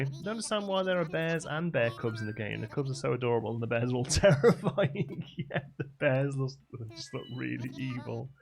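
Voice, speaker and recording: A young man talks through a live game stream in a loose, rambling way, answering viewers' messages as they come in. His voice has a gravelly, creaky edge, and soft game music plays behind him. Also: mid-range voice. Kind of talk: casual live-stream chat. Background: faint game music.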